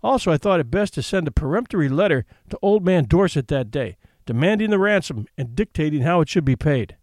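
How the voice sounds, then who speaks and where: A man reading a humorous story aloud as narrator, with an expressive, wry first-person telling. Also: fairly high pitch, a little fast, no room sound. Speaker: audiobook narrator.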